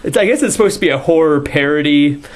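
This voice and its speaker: A man's voice: fairly high pitch, lively intonation, fast. Rambling, swearing young man reviewing a movie. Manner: rambling, filler-heavy, profane and dismissive. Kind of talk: casual spoken movie review.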